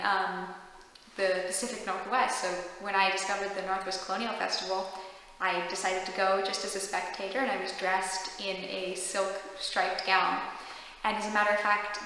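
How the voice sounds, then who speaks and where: A young woman speaks in a bright, ringing voice, chatty and eager, dotting her answers with fillers. Her voice bounces around a very reverberant hall. A faint hiss sits underneath. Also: mid-range voice. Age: young adult. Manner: chatty and enthusiastic, with frequent fillers. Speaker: historical reenactor guest. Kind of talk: casual interview answers. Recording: very echoey room with long reverb and faint noise.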